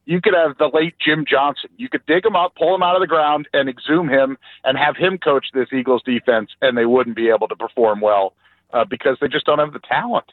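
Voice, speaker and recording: A man's voice: medium pitch, fairly quick, no room sound. A man calling in as a regular guest on a sports radio show, talking bluntly and emphatically in rambling runs. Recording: phone-line call-in.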